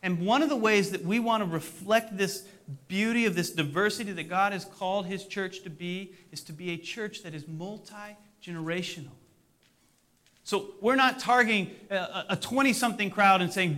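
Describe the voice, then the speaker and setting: A man's voice: sits high, fairly quick, sharp tone. A middle-aged male pastor preaching a sermon in a conversational way, with self-deprecating humor.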